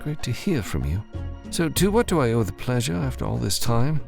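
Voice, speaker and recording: A man's voice: big pitch swings, moderate pace, creaky, darkish tone, faint music behind. A man voicing a wary former soldier who keeps his voice level and guarded in an audiobook. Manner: guarded, level, low-key.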